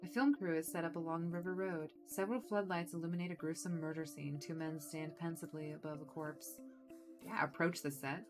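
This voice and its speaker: A woman's voice: low voice, fairly even intonation, fairly quick, music in the background. A woman playing a video game, reading its text aloud with casual, wry asides. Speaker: let's play streamer.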